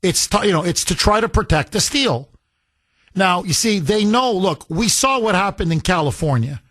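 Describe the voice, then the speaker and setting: High-voiced man hosting talk radio. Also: expressive, normal speed, a bit bright. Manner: emphatic, rambling, laughs at his producer. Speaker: radio talk show host. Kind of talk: political call-in radio talk.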